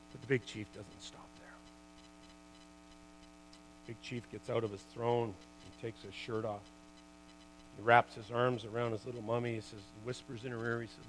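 A middle-aged man preaches in a church in a middle-pitched voice, telling stories with animated bursts that fall to a hush. A faint hum sits behind him. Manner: animated storyteller, loud bursts dropping to hushed. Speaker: guest preacher, former hockey player. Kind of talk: sermon testimony.

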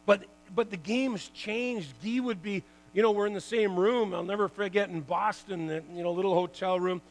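Brief: older ex-athlete speaker, slightly raised pitch, rambling and chatty, laughs through his anecdotes. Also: moderate pace, low-quality recording. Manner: chatty, lots of "you know" and "like"; animated, laughs at his own stories. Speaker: former pro hockey player giving a talk. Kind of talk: storytelling talk to an audience.

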